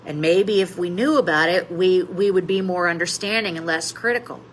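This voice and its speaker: A woman's voice: on the low side, normal speed, slight background noise, rough recording. A woman pastor giving a Lenten Bible study lesson, telling a story with dramatic emphasis.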